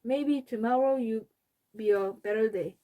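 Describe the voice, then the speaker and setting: A good-humored father speaks steadily and slowly in a mid-range voice, as a woman reads him out from a storybook. His tone stays level and reasoning. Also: a little high, warm tone, lightly acted, rough recording. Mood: playful.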